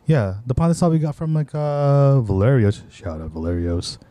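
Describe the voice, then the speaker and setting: A Filipino man co-hosts a podcast, chatting casually and rambling with lots of fillers and restarts. His voice is medium-pitched and dark, swings widely in pitch, and moves at a moderate pace.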